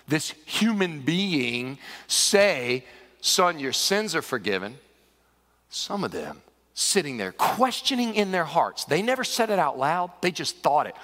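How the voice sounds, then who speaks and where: A male pastor delivers a conversational, humorous sermon in a high, bright voice. His pitch leaps up and down as he preaches, and the sound carries a long reverb from a large church hall.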